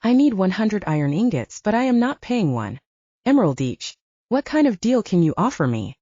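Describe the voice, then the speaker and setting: A woman's voice: medium pitch, big pitch swings, normal speed, dark tone, slightly rough, no echo, highs cut off. A woman voicing a wry, shrewd young male hero in a storybook reading. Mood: bargaining.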